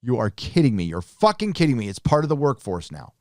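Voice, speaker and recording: A man's voice: medium pitch, wildly swooping pitch, a little fast, darkish tone, no echo, clean studio sound. A man hosting a live stream, reading viewer donations aloud and answering them with joking, profane, rambling asides. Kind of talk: casual live-stream chat.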